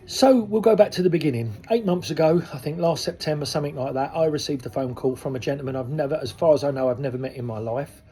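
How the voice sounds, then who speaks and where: A man's voice: on the high side, quick pace, few pauses, a little hiss or hum. A man in his sixties, a koi dealer, speaking frankly and casually to his viewers, rambling through asides. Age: 60s. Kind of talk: casual talk to camera. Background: soft soul music.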